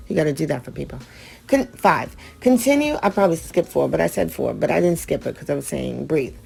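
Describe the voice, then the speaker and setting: Low gravelly-voiced woman host. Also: very animated, brisk, a little mellow, faint music behind. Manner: blunt, profane, joking asides. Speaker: radio show host. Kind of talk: reading ritual steps with casual asides.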